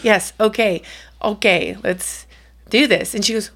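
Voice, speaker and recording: Middle-aged woman, chatty podcast co-host with some vocal fry, loose and casual. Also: medium pitch, unhurried, fairly bright tone. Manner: chatty storyteller, swears casually. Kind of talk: casual chat.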